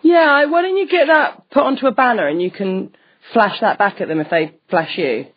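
A woman's voice: a little high, a little fast, slightly rough. A woman co-hosting a casual chat over a video call, teasing and encouraging her partner. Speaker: co-host. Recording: muffled call audio.

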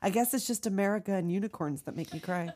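A woman's voice: mid-range voice, quick pace. A woman in casual podcast chat, recapping a movie, swearing freely and acting out the characters' lines. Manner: animated, swears freely, acts out quotes.

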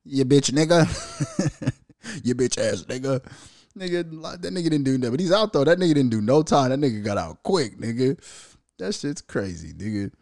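Young male podcast host, profane rant, lively swings in pitch, dry close sound. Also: normal speed, vocal fry, no echo. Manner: profane, animated, mocking impressions. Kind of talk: casual solo podcast rant.

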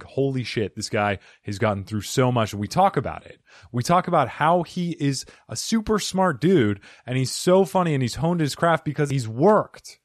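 Man hosting a comedy podcast, playful and goofy, very animated pitch, dry close mic. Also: no room sound. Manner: playful and goofy, swinging his voice up and down for jokes. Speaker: podcast host. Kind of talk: comedic solo podcast intro.

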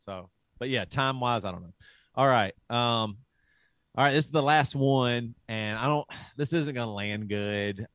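A man's voice: mid-range voice, moderate pace, fairly bright tone, dry recording. A man co-hosting a casual podcast, telling self-deprecating stories and laughing often as he talks. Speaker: podcast co-host. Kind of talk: casual chat.

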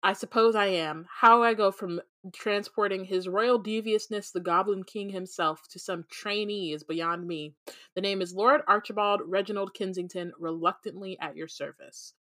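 A haughty, lordly elevator from a storybook looks down on everyone it carries, as a woman reading aloud puts him on. The voice is bright and forceful. He sounds disdainful and a little bored. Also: medium pitch, fairly even intonation, moderate pace, no room sound, natural voice. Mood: snooty. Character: snooty aristocratic male elevator lord.

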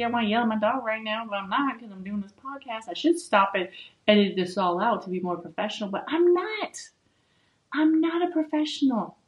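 Young adult woman, solo podcast host, blunt and profane, animated casual talk. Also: mid-range voice, poor audio. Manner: blunt, swears a lot, animated and chatty. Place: home with dogs.

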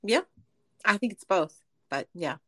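A woman's voice: mid-range voice, animated, unhurried, sharp tone, slightly rough. A woman co-hosting a casual podcast chat, giggling, swearing casually and reading a letter aloud. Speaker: podcast co-host.

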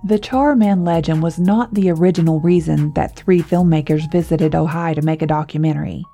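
A woman narrates a legend in a steady, scripted storytelling voice. Her tone sits low and mellow. She reads evenly with a few wry asides, and soft music plays faintly beneath her. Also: brisk.

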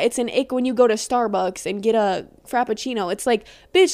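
A young woman talks through her podcast in a loose, rambling way, her voice sitting a little high. She giggles often and swears without a second thought. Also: expressive, a little fast, few pauses, darkish tone. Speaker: podcast host. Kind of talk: casual chat.

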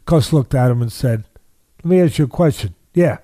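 A man's voice: mid-range voice, expressive, a little fast, warm tone, no echo. An older man, a boxing trainer, telling a story in an interview with emphatic repetition and quoted voices.

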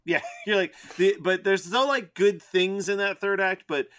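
A man co-hosting a casual podcast about a movie, animated and laughing often, slipping into put-on accents. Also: sits high, normal speed, dry recording, clean studio sound. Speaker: podcast co-host. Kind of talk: casual movie review chat.

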